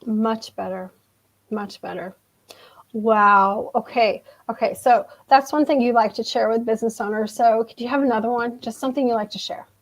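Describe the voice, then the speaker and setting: Brief: female host, fairly high voice, eager, affirming, keeps the guest going. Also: fairly even intonation, normal speed. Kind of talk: casual interview chat.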